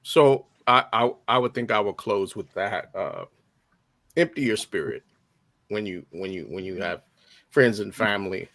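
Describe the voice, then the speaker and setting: Deep-voiced man giving an earnest tribute. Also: a bit bright, no room sound. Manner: earnest, halting with many fillers. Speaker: tribute speaker. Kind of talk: heartfelt spoken tribute.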